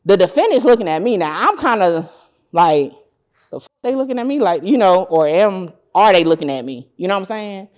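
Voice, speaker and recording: A woman who creates court-case content sits as an interview guest and tells a long story loosely and casually in a lowish voice at normal speed. She's animated, swears freely, and slips into the voices of the people she quotes, so the tale feels acted out.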